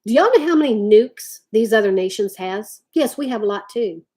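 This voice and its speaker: A woman's voice: on the high side, animated, normal speed, a little mellow, husky. A woman ranting to her viewers. She talks emphatically and drawls "y'all" often. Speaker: vlogger talking to live chat. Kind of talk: impassioned rant to viewers.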